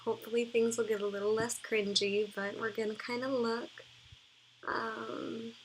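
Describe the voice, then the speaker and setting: A young woman chats casually in a vlog, giggling as she rambles through her old posts. Her voice sits a little high, and she fills her sentences with "like". A faint hiss runs under the recording. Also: little pitch movement, moderate pace, low-quality recording. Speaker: cosplay vlogger.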